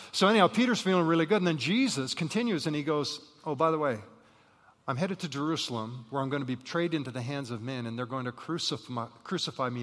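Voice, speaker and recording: A man preaching a sermon as pastor, telling Bible stories with lively acted voices and saying he has jet lag. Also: fairly high pitch. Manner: animated storytelling, acting out Bible figures with rising voice. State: jet-lagged. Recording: reverberant hall.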